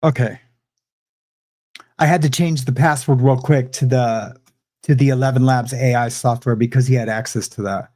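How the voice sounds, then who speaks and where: A man's voice: mid-range voice, fairly even intonation, moderate pace, a little mellow. A young adult man hosting a livestream, rambling defensively and repeating himself in a heated rant. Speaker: livestream host.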